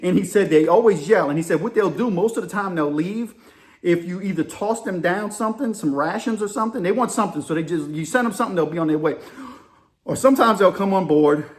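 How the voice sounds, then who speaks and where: Animated man talking to his audience. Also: sits high, fast talker. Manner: animated, addresses listeners as y'all. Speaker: commentator on current events. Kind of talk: casual video commentary and storytelling.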